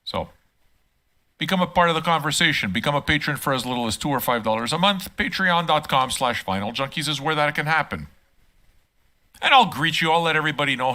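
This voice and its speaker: Bright-voiced older man ranting playfully. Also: on the high side, expressive, brisk. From Quebec. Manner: profane, teasing, rants loudly at times. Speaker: channel host. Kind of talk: casual live-stream monologue.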